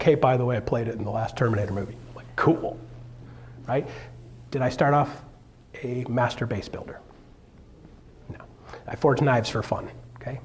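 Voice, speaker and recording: A man coaching a live seminar audience in an animated, jokey way, acting out quotes in a raised voice. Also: medium pitch, fast, slight background noise. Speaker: real estate coach. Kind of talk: energetic seminar talk.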